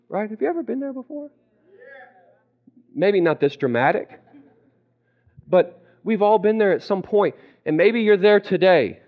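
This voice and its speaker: A male preacher delivering a sermon, emphatic, repeating key phrases and slowing down for scripture. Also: high-pitched, lively intonation, darkish tone. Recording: dull lo-fi recording.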